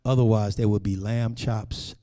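Preaching man swinging soft to loud. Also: on the low side, fairly even intonation, moderate pace. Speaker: pastor. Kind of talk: sermon.

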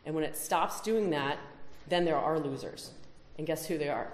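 Low-voiced woman giving a conference talk. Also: normal speed, reverberant. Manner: emphatic, rhetorical questions. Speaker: conference speaker. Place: conference hall.

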